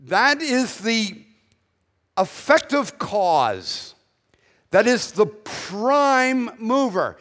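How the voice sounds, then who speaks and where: A man's voice: high voice, a bit bright. A male pastor with a Northern US accent, preaching a sermon in a blunt, conversational way with casual asides. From northern United States. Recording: echoey hall reverb.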